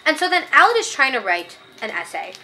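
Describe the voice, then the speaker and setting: A woman's voice: high-pitched, sing-song, fairly quick, pushed and bright, a little hiss or hum. A young woman giving a casual book review, passionate and opinionated, getting worked up and reading quoted passages aloud.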